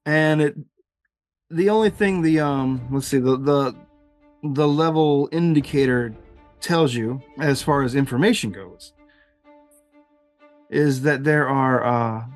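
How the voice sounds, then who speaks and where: A man's voice: medium pitch, slow, long pauses, soft background music. A man narrating as game master of a tabletop game, rambling with fillers and frequent laughs.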